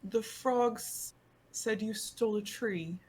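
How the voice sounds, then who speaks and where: A woman voicing her tabletop character, a calm speaker for the frogs of the woods. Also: fairly high pitch, slow, breathy edge. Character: calm wood-dwelling frog speaker.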